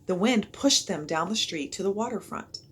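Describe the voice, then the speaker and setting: A woman reading a children's chapter book aloud in an expressive storytelling manner. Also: mid-range voice, moderate pace, husky. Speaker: reader.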